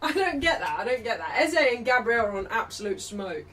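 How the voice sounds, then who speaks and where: A woman's voice: on the high side, sing-song, brisk, distant mic, background noise. A young woman hosting a live football watchalong stream, chatting casually with her viewers, laughing a lot and swearing now and then. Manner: laughs often, swears, talks to her chat.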